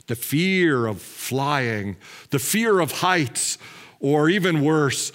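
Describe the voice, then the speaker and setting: A man delivering a sermon as pastor, candid and measured, slowing and dropping his voice on key words. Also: a little high, a bit bright. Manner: candid, self-deprecating asides with light laughs.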